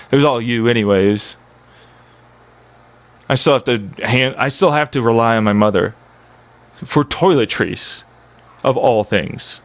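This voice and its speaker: A man's voice: mid-range voice, a little slow, long pauses. Agitated, swearing young man venting. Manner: agitated, profane, rambling. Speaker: streamer. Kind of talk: venting monologue on a live stream.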